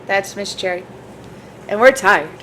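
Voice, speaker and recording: A woman's voice: mid-range voice, expressive, measured pace, noisy background. A woman co-hosting a casual podcast, talking in a chatty, rambling, self-deprecating way. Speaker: podcast co-host. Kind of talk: casual chat. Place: bar in a bookstore.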